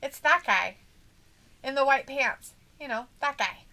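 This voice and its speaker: A woman with a bright, fairly high voice chats casually, reading out viewer comments. She teases and giggles as she goes, keeping things light and playful. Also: animated, unhurried. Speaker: co-host of a wrestling watch-along stream.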